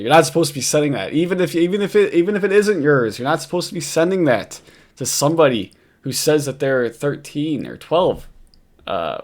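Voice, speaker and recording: A man with a New York accent giving casual, mocking reaction commentary. He rambles, swears and laughs often. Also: medium pitch.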